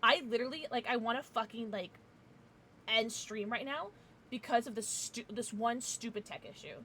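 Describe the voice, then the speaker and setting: A woman's voice: a little high, moderate pace, fairly bright tone, a little hiss or hum. Chatty swearing woman game streamer. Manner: chatty, swears freely, talks to chat by name. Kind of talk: casual livestream chat.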